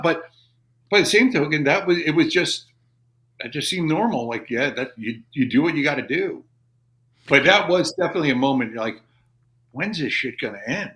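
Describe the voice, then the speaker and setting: A man's voice: mid-range voice, lively intonation, normal speed, pushed and bright. A middle-aged man, a former Army Ranger, telling a war story in an interview, rambling with many restarts and swearing. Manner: profane, intense retelling.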